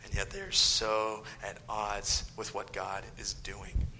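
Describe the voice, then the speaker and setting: A man preaching a sermon as pastor, swinging from loud emphasis to hushed whispered lines and firing off mocking rhetorical questions. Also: fairly low pitch, completely flat delivery, takes it slowly, slight background noise, low-quality recording.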